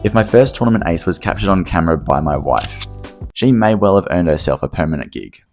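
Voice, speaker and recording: A man's voice: low voice, sing-song, fairly quick, a little mellow, faint music behind. An Australian man narrating his own vlog in a scripted voice-over, wry and self-deprecating. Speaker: vlogger narrating.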